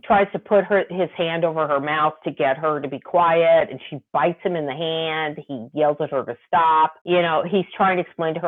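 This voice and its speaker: A woman co-hosting a casual book discussion podcast, animated, laughing often and reading quotes aloud. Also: low-pitched, moderate pace, few pauses. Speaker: podcast co-host. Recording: tinny phone-like line.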